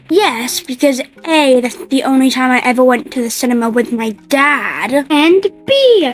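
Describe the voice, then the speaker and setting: A woman's voice: high voice, poor audio. A young woman giving casual, enthusiastic and opinionated film ranking commentary, full of jokes. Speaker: film reviewer.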